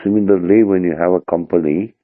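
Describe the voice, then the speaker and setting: A man's voice: sits low, steady tone, fast talker, dry recording. A man, a tutor patiently explaining a term to a student and checking that he follows. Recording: dry, tinny phone-like line.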